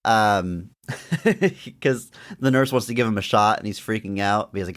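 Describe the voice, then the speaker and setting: A young man talks through a film on a casual podcast in a low voice. He laughs often, and his pitch leaps up whenever something excites him. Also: unhurried. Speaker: podcast co-host. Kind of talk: casual movie review chat.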